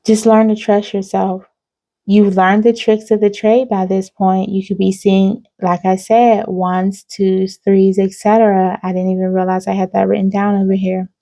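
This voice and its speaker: Mellow, even-toned woman giving a spiritual reading. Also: mid-range voice, moderate pace. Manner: frequent "okay?" tag questions, reeling off numbers. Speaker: spiritual reader. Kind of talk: intuitive card reading to viewers.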